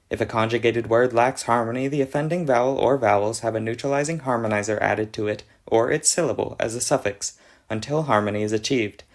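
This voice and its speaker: A man narrating a scripted explanation of an invented language, with a dry, mock-serious delivery. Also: mid-range voice. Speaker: conlang video narrator.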